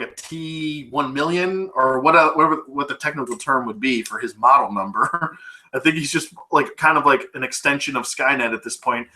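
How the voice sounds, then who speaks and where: Bright-voiced rambling movie reviewer man. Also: a little high. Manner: rambling, laughing, profane, full of fillers. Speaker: film reviewer. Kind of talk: casual movie recap.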